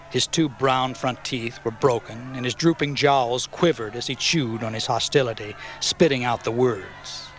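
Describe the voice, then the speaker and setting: A man's voice: mid-range voice, fairly bright tone, slight background noise. A man narrating a dramatic audiobook story.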